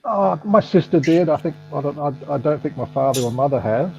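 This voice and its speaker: A man in his fifties with an Australian accent, chatting as a guest in a relaxed, self-deprecating way. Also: fairly high pitch, brisk, vocal fry, dull audio, a little hiss or hum. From United States. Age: 50s. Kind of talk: casual chat. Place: home at night.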